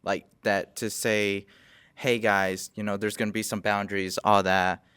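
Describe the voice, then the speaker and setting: A man's voice: lowish voice, level tone, a little slow, fairly bright tone, smooth, no room sound. A young man hosting a casual podcast interview, rambling and stopping to correct himself with apologetic asides. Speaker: podcast host.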